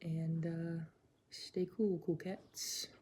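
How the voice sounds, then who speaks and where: A passing train and steady room noise fill the echoey indoor studio where a woman artist vlogs, rambling to camera with fillers and side comments. Her voice is low and very slow.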